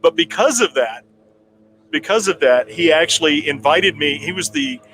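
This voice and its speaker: A man in a town hall conversation telling a long personal story in a relaxed, rambling way with frequent restarts. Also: fairly high pitch, moderate pace, slight background noise. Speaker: political candidate guest.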